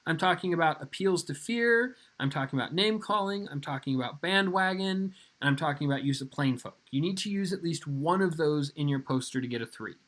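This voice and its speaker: A male teacher in his thirties walks students through an assignment in a recorded video lesson. His voice sits a little high for a man, and he keeps the delivery casual and upbeat, speaking straight to the class. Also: expressive, fairly quick, few pauses, fairly bright tone.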